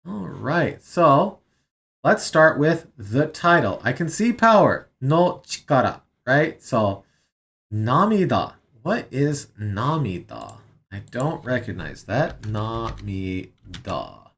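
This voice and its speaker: A man's voice: on the high side, sing-song, slow pace, fairly bright tone. A man studying on a stream, thinking aloud with many fillers as he sounds out foreign words and translates them. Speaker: language learner streaming his study. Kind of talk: casual self-study narration.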